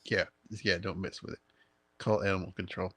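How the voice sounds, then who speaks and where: A man's voice: low voice, steady tone, normal speed, a bit bright. A man hosting a podcast, chatting casually and dropping short wry remarks. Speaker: podcast host. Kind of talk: casual chat.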